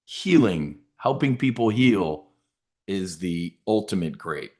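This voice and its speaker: A middle-aged man hosting a trading show, telling stories in a rambling, animated way with many fillers. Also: sits low, slow. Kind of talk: casual livestream talk.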